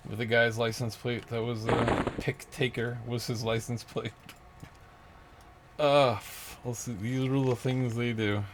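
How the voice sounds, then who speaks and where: A man ranting in a rambling monologue, out of breath, restarting often and laughing bitterly between thoughts. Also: lowish voice. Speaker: vlogger. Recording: noisy background with vehicle sounds.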